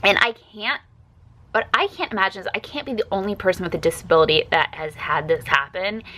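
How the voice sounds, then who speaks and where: Bright, indignant woman vlogger. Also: medium pitch, a little fast. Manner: indignant and emphatic. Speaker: YouTuber telling a story. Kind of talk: casual storytime vlog.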